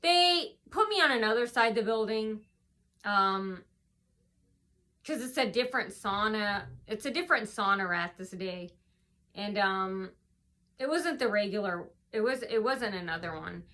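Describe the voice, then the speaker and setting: A woman's voice: medium pitch, animated, measured pace, pushed and bright. A woman vlogger telling a story in a casual, rambling monologue, full of ums and restarts, recorded indoors at home.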